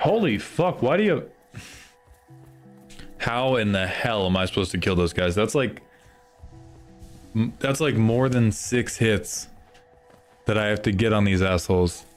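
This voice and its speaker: A man's voice: lowish voice, measured pace, pauses often, soft background music. A young man streaming a video game, reacting with constant frustrated swearing as he plays. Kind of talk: live gameplay commentary.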